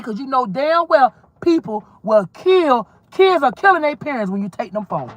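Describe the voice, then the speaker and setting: A woman's voice: high voice, sing-song, moderate pace, hardly any pauses, dry recording. Blunt, heated woman ranting. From Georgia, US. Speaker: mother vlogger. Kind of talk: casual ranting vlog. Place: in a car while driving.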